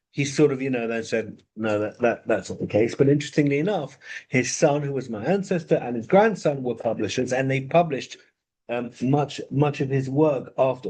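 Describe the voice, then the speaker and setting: Male rabbi, middle-pitched and a bit husky, halting storyteller at an informal study breakfast. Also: darkish tone. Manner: unhurried, halting storyteller who often pauses to find words.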